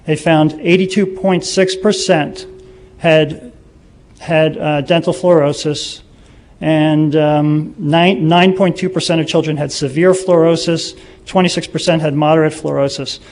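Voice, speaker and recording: A man's voice: on the high side, steady tone, measured pace, a little mellow, slight background noise. A man giving public comment at a city council meeting, earnestly reciting statistics with many ums and uhs.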